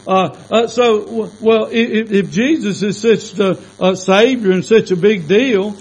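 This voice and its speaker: A man's voice: high-pitched, unhurried, a little mellow, rough recording. A man preaching a sermon with fervent rhetorical questions and repeated calls of amen.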